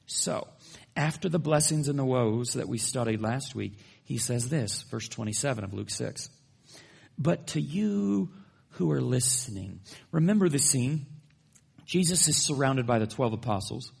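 A man's voice: mid-range voice, expressive, moderate pace, vocal fry, husky. A man preaching a sermon as a pastor, telling everyday stories with playful humorous asides.

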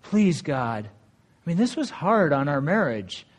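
Male pastor, slightly high voice, earnest conversational sermon with scripture readings. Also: big pitch swings, unhurried, breathy edge. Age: adult, married.

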